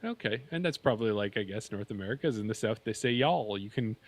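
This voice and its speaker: A man's voice: fairly low pitch, lively intonation, quick pace. A man from Canada co-hosting a podcast, joking and chatting casually with his co-host. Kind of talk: casual chat.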